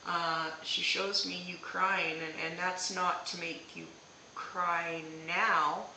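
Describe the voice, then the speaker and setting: Woman, psychic medium, live-streamed reading, reassuring, keeps checking in, very bright tone, roomy echo. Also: lowish voice, level tone, takes it slowly, distant mic, slight background noise. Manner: gentle and reassuring, often checks in with "okay?".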